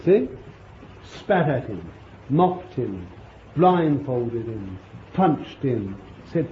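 A man preaching a sermon, telling the story vividly and swinging between loud appeals and hushed asides. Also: medium pitch, sing-song, drawn-out words, slight background noise. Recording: echoey dull room recording.

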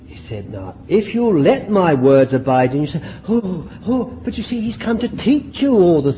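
A man's voice: sits high, dull audio, a little hiss or hum. A man preaching a fervent sermon, exclaiming and laughing between points.

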